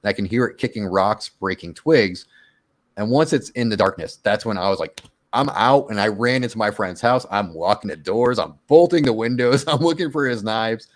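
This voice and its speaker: A man casually telling his own monster encounter story on a radio show, animated and acting out his own quotes. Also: on the low side, moderate pace.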